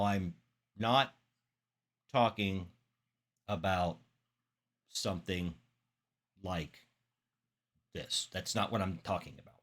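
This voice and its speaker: Animated, bright-voiced male speaking teacher. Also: medium pitch. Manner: demonstrates voices, animated and expressive. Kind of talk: instructional talk.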